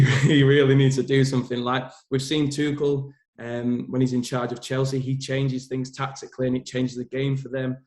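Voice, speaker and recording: A man's voice: mid-range voice, reverberant. A man co-hosting a casual football chat, nursing a cold and talking in a chatty, thinking-aloud way. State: has a cold. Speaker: co-host.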